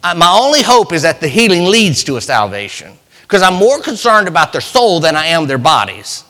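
A man preaching a sermon in a church, swinging from loud cries to hushed, near-whispered lines. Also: on the high side, sing-song, a little fast, big-room sound. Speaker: pastor.

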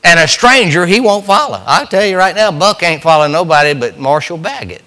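A middle-aged pastor delivers a sermon in a folksy, emphatic style. His voice sits a little high and rings bright and forceful. He swings from loud bursts to low, quiet asides. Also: animated, a little fast. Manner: folksy, emphatic preaching with sudden rises and drops.

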